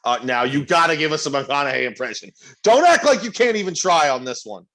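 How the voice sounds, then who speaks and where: A man in casual podcast banter, teasing and swearing freely. His voice swings widely in pitch, animated from line to line. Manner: teasing, swearing, quick to laugh. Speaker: podcast co-host. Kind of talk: casual chat.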